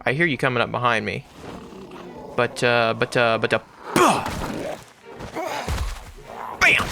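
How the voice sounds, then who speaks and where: A man rambling through casual let's-play commentary as a gaming YouTuber, with sudden loud outbursts and swearing. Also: mid-range voice, slow pace, gravelly, long pauses, over music.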